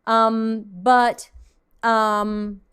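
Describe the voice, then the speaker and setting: Speaking extremely slowly and flatly, a woman uses a fairly high, smooth, slightly bright voice. She hosts a casual livestream from her desk, responding to viewer submissions with frank, mildly snarky remarks and plenty of ums and restarts.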